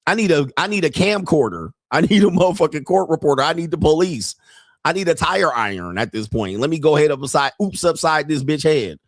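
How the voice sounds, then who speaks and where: A male livestream host in a crude comedic rant, animated and acting out the people he talks about. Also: fairly high pitch, a little fast, no room sound, studio quality.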